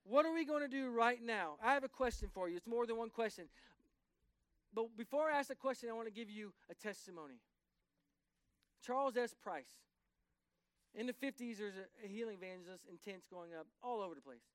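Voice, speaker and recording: High-voiced, emphatic male preacher. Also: expressive, fairly quick, a bit bright, smooth, dry recording. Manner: preaching with rising emphatic bursts and asides to the congregation. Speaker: pastor. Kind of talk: sermon.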